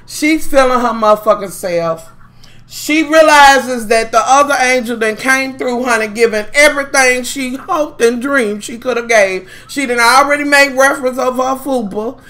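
Sassy woman cussing up a storm, high voice, mocking and dramatic. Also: bright, forceful tone. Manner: profane, sassy, heavy swearing. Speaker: vlogger recapping a reality show. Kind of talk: casual gossip rant.

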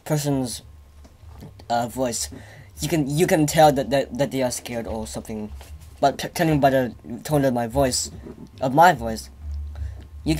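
A man giving let's play commentary, stammering and repeating himself as he gets excitable. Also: medium pitch. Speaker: gaming channel host.

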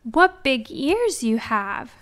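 A curious, wide-eyed little girl in a red hood, as a woman reads her. She asks her questions slowly and a little higher than a plain speaking voice, as in a children's storybook. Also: very animated, fairly bright tone, full character voice. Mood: wondering.

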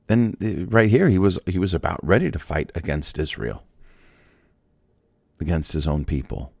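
Man with a super deep husky voice doing a devotional bible talk, chatty, lots of questions to listeners, dry close mic. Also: lively intonation, moderate pace, pauses often, a little mellow, dry recording. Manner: conversational, rhetorical questions, restarts. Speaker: Bible podcast host.

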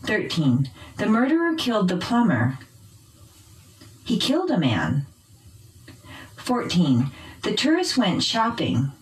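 A woman's voice: medium pitch, wildly swooping pitch, slow pace, long pauses. A woman reading numbered English exercise sentences aloud. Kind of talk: recorded exercise audio. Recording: roomy audio played from far off.

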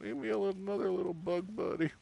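A man streaming a console game with casual, excitable commentary, often giggling and talking to the creatures on screen. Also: sits high, fast, gravelly.

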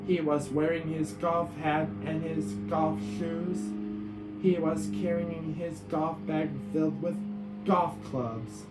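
A man reading a picture book aloud in a steady way, with small slips. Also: fairly high pitch, slow pace. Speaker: storybook reader. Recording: echoey room with guitar music.

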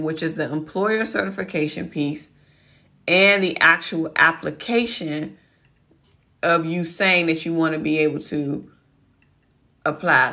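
A woman hosting a casual livestream Q&A. Her voice is hoarse and cracking, and she talks in a folksy, chatty way, muttering to herself as she looks for things. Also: lowish voice, sharp tone. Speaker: host answering viewer questions.

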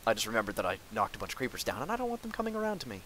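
A young man hosting a gameplay video, excitedly commenting on his own play, talking to his enemies and breaking into outbursts and laughs. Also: medium pitch, racing, slight background noise, rough recording. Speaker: gaming video host.

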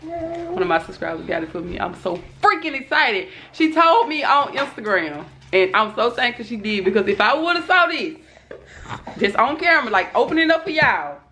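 A woman in her twenties talking in a casual unboxing vlog, excitable, breaking off to calm her kids. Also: fairly high pitch, moderate pace, soft background music. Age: 20s. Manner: excitable, shrieks and laughs, talks to her kids between sentences. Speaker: vlogger.

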